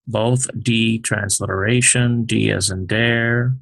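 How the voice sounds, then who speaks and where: A man teaching the Hebrew alphabet, talking slowly with many fillers as he writes out each letter. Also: lowish voice, steady tone, gravelly, dry recording. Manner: slow, halting, many fillers, explains while writing. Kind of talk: unscripted alphabet lesson.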